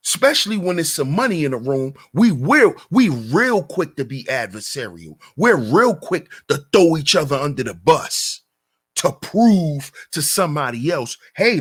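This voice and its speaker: A man's voice: on the high side, sing-song, unhurried, slightly rough. A man hosting his own channel, giving an emphatic commentary rant full of repeated rhetorical questions. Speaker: channel host.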